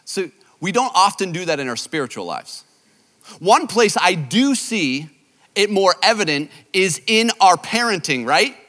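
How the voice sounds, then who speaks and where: Animated youth pastor in a reverberant hall. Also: male voice, sits high, measured pace. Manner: animated, self-deprecating storytelling. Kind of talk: sermon with storytelling.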